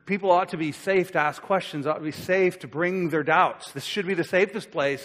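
Male pastor, slightly high voice, chatty sermon delivery with acted-out voices, long church reverb. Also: fairly bright tone. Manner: conversational, acts out quoted voices.

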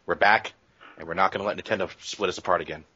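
A man's voice: low-pitched, fairly even intonation, fast talker, sharp tone, husky, dry recording. A man in a casual chat, teasing and joking with his friends. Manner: teasing, jokey. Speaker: co-host. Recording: dull lo-fi recording.

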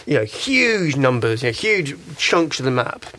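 A man with an ordinary mid-pitched voice talking as a guest on a radio discussion. He hesitates often and fills his sentences with "you know" as he builds his argument. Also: very animated, measured pace, sharp tone, a little hiss or hum. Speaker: guest commentator.

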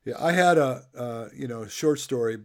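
A man's voice: medium pitch, moderate pace, darkish tone. A middle-aged man interviewing a guest, chatty and fond of telling stories while laughing along. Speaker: interviewer and coach. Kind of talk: casual interview chat.

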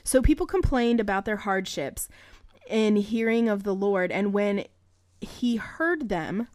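An irreverent woman podcast host reads scripture aloud and breaks in with crude, joking asides. Her voice sits at an ordinary middle pitch. The sound is dry and close, with no room echo. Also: expressive, a little slow, a little mellow. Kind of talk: casual Bible reading and commentary.

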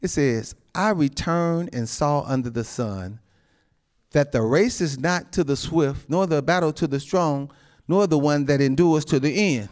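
Speaking a little slowly, a man preaches a sermon full of amens and chuckles. His delivery ranges from hushed, low asides to loud, high exclamations.

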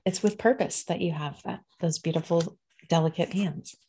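A woman with a somewhat low voice co-hosts a casual spiritual podcast. She talks with warm, affirming enthusiasm. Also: normal speed, a little hiss or hum. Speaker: co-host. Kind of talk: casual chat.

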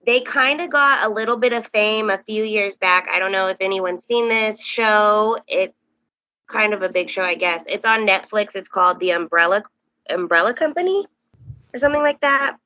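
A young woman hosting a podcast, telling a story in casual chat and acting out the quoted voices with high, animated bursts. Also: normal speed, no echo, highs cut off. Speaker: podcast host.

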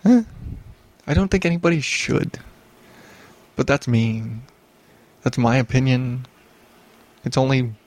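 A man's voice: medium pitch, vocal fry, dry recording. A young man hosting a solo podcast, ranting and rambling with lots of swearing and restarts. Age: young adult. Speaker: podcast host.

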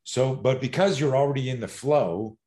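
A man who coaches fighters, telling stories in a loose, animated conversation, swearing now and then and restarting his sentences. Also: mid-range voice, moderate pace. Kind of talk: casual podcast conversation.

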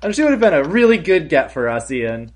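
A man's voice: on the high side, very animated, a little fast, heavy background noise. A man co-hosting a podcast in casual chat, amused and joking, laughing often. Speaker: podcast co-host.

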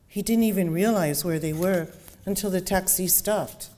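A woman's voice: on the low side, normal speed, mellow. A woman author reading aloud from her novel and then chatting about how she wrote it. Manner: chatty, with fillers and restarts when talking. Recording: long hall reverb.

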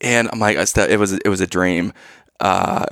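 A young man co-hosting a casual chat, telling a story in a lively, animated way and acting out his own yells. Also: deep voice, normal speed, dry recording, clean studio sound.

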